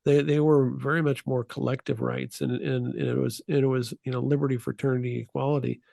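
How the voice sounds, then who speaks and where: An American man co-hosts a casual chat, quick to joke and often stumbling over repeated starts. His voice has a gravelly fry at a middle pitch. The recording is dry and close. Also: flat delivery, warm tone, no room sound. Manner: joking, stammering restarts, laughs at own jokes. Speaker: podcast co-host. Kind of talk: casual discussion.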